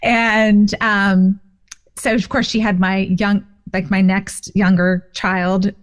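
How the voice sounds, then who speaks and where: A woman in her fifties, a guest author and parent, telling a personal story in a casual interview with an animated, expressive delivery. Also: mid-range voice, takes it slowly. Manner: animated, expressive retelling with frequent fillers.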